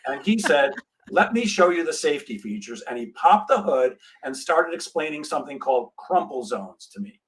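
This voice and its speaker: Animated middle-aged man telling a story. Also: fairly high pitch, moderate pace, low-quality recording. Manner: animated storyteller, acts out dialogue. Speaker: sales trainer, guest. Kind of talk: storytelling in a podcast interview.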